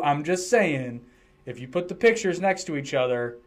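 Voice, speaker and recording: American guy rambling on his podcast, opinions everywhere, mid pitch, lots of restarts. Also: lively intonation, slow pace, pauses often. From United States. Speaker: podcast host. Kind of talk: casual podcast chat.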